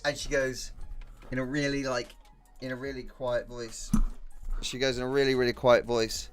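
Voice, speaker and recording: A man's voice: mid-range voice, level tone, moderate pace, faint music behind. A young man chatting casually on a game stream, laughing often and swearing freely. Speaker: live-streaming gamer.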